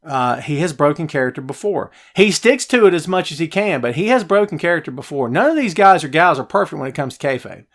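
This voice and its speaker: A middle-aged man hosting a live stream from his home office, chatty and animated as he answers viewer comments. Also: on the high side, quick pace, few pauses. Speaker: podcast host. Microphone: headphones, phone nearby.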